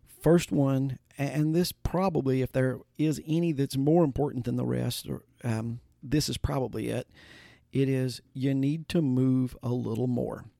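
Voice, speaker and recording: A man's voice: medium pitch, fairly even intonation, a little slow, vocal fry, dark tone, no room sound, clean studio sound. A man hosting a podcast, telling a story and giving health advice in a folksy, conversational way with asides and restarts. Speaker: podcast host. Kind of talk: casual spoken storytelling and advice.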